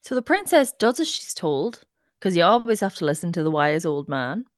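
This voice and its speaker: Woman co-host, gossipy storyteller, expressive, dry close recording. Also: lowish voice, normal speed, no room sound. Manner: chatty, gossipy retelling. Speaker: podcast co-host. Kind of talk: comic storytelling chat.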